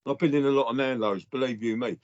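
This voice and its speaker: A middle-aged man rants through a story, blunt and sweary, at an ordinary, middling pitch. The sound is a little dull and muffled, as if the recording lost its top end. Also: fairly even intonation, fast, a little mellow. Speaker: podcast co-host. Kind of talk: casual chat.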